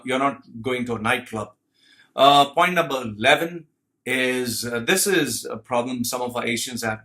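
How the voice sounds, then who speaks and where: Blunt, cursing man with a bright voice. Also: medium pitch. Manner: forceful, profane, emphatic. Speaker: career coach. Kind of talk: blunt advice monologue.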